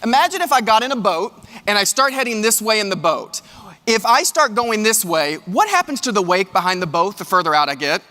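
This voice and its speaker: A man gives a keynote in a big hall, and his voice rings out with a long reverb. He sounds high and bright as he tells animated stories and speaks straight to the crowd. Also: brisk. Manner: animated storytelling, addresses audience directly. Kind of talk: motivational keynote. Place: large hall with live audience.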